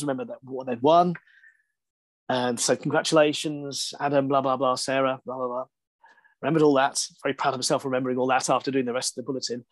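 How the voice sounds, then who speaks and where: A man, a broadcaster and interview guest, tells a story in a lively, self-deprecating way and laughs often. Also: medium pitch, no room sound.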